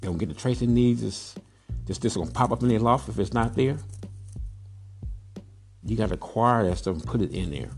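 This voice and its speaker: A man's voice: medium pitch, a little mellow. A man from Southern California hosting a podcast, giving a blunt, preachy monologue full of rhetorical questions. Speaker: podcast host, pigeon breeder. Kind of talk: casual monologue.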